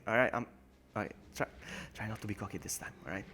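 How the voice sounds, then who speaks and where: A man streaming a game live, greeting viewers by name, yelping when things go wrong and mocking himself. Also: fast talker. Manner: excitable, jumps to high yelps when in danger, then mutters low. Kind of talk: live gameplay commentary.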